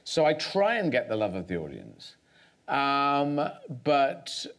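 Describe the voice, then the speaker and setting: A man's voice: mid-range voice, wildly swooping pitch, slow pace, a bit bright. A man as a guest on a talk show, speaking thoughtfully, rambling, with many restarts.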